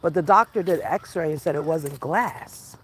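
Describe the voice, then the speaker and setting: A woman vlogging casually while walking outdoors, chatty and quick to laugh, talking to her dog along the way. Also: deep voice, slight background noise. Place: outdoors on a residential street.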